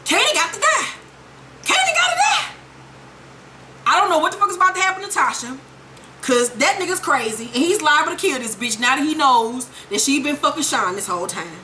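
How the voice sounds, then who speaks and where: A woman giving a casual, profane, animated recap of a TV episode. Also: high-pitched, fast talker, slight background noise. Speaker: TV recap vlogger.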